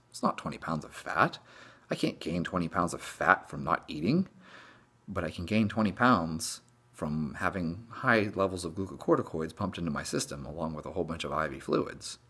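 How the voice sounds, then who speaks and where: A man, a fitness coach, explaining a topic in a blunt, profane, animated casual monologue. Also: deep voice, normal speed, husky.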